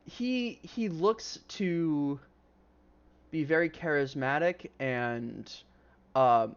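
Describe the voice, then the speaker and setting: A man's voice: on the high side, drawn-out words, clear, resonant tone, highs cut off. A man narrating as game master in a casual, rambling way, full of fillers and the odd swear word.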